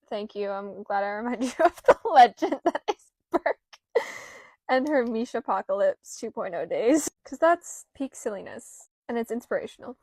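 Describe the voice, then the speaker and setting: A woman's voice: fairly high pitch, normal speed, darkish tone. Rambling, gushing young woman. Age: 20s. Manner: gushing, self-deprecating, rambling. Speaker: fan content creator. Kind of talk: casual chat.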